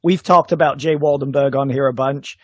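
A man's voice: mid-range voice, a little fast, breathy edge, no echo, highs cut off. A man co-hosting a podcast, telling a story in casual chat and laughing as he goes. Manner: animated, laughs while telling stories. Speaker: podcast co-host.

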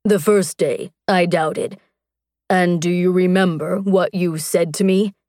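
A woman voicing an earnest, tender barbarian warrior man, speaking slowly and gently. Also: on the low side, steady tone, dry recording, clean studio sound.

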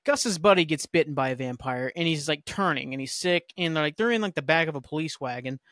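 A man's voice: on the high side, lively intonation, fairly quick, a bit bright, no room sound, clean studio sound. A man hosting a podcast, ranting casually with lots of swearing and filler words. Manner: profane, ranting, heavy use of "like". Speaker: podcast host.

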